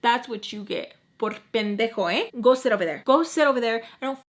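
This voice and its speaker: A woman tells a personal story in a casual, animated way, acting out every exchange. Her voice sits a little high, she swears freely, and she slips Spanish words into her speech. She hammers points home by repeating phrases. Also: fairly quick. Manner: animated, acts out quotes, drops Spanish words. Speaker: storytime vlogger.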